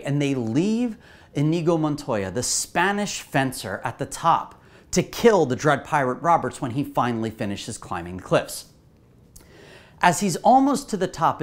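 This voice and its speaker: A woman pastor preaching a sermon in an animated way, asking the listeners rhetorical questions. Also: low voice.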